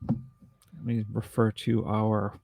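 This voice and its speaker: Low gravelly dude on a movie podcast, stumbles over his words, dry jokes, dead dry sound. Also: level tone, dry recording, highs cut off. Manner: halting, many restarts, dry joking. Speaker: podcast co-host. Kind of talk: casual film review chat.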